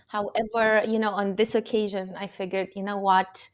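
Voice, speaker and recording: A woman's voice: medium pitch, level tone, normal speed. A woman, chatting casually as a livestream guest and laughing often. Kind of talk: casual chat.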